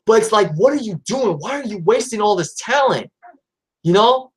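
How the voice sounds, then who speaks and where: A man ranting in a vlog about wrestling booking, frustrated and exasperated, with frequent restarts and sudden jumps up in pitch when he gets riled. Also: lively intonation, normal speed, slightly rough. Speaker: wrestling YouTuber.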